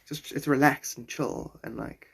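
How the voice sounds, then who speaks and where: A man's voice: medium pitch, steady tone, measured pace, vocal fry, husky. A man in his forties with a South African accent, chatting casually and playfully with viewers on a live stream. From born in Zimbabwe, raised in South Africa. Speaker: livestreamer.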